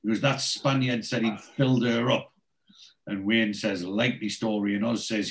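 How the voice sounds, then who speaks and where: A man's voice: fairly low pitch, fairly even intonation, normal speed, rough recording. A man hosting a casual chat, retelling TV scenes and quoting the characters' lines in a storytelling way. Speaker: podcast host.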